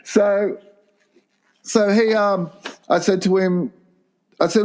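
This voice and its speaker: A man's voice: high voice, fairly even intonation, takes it slowly, darkish tone. A man co-hosting a comedy podcast, crude and rambling as he reads out listener letters. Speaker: podcast co-host. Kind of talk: casual comedy chat.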